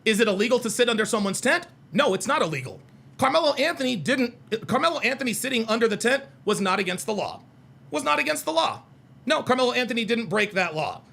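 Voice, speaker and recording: Combative male streamer with a gravelly, lively voice. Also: very high-pitched, fast talker. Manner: combative and mocking, repeats his points. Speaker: host of a call-in show. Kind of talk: heated livestream commentary, answering chat.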